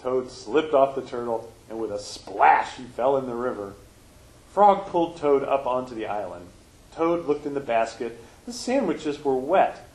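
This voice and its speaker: A man leading a church service and reading a children's story aloud, in a gentle, lively manner. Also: mid-range voice, a little slow. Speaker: worship leader. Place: church hall. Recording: roomy church echo.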